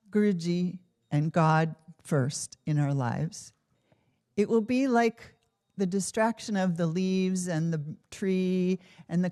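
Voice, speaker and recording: Woman giving a spiritual talk at a temple, low mellow voice, earnest and reflective. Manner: earnest, reflective, asks rhetorical questions. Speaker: devotional speaker.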